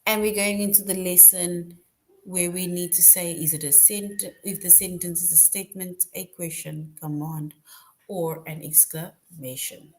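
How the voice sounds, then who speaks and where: A woman with a steady, low-leaning voice teaches young children a grammar lesson at a slightly slow pace. She is patient, repeats her points, and keeps checking in with "right?"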